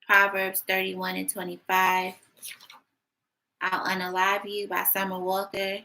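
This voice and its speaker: Gravelly bright-voiced woman reading tarot. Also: mid-range voice, monotone, a little slow, slight background noise, poor audio. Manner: blunt, sassy, thinking aloud. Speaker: tarot reader. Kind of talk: casual tarot reading monologue.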